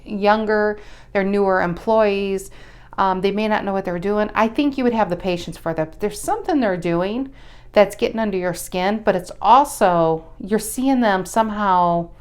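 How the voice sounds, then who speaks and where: Reading tarot casually for her viewers, a woman speaks in a smooth, resonant, medium-pitched voice. She's blunt and talkative, drops offhand swears, and frequently breaks off to start sentences over.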